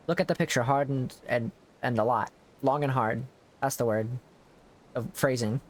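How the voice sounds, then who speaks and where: A man's voice: mid-range voice, moderate pace, slight background noise. A man streaming a game, chatting casually and joking with its characters. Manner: jokey, chats with game characters. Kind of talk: casual gameplay commentary.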